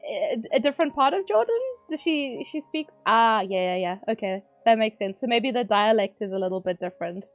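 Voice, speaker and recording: A woman's voice: on the high side, expressive, brisk. Woman streamer just chatting while gaming, lots of likes and ums, laughs a lot, faint music behind. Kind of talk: casual chat while gaming.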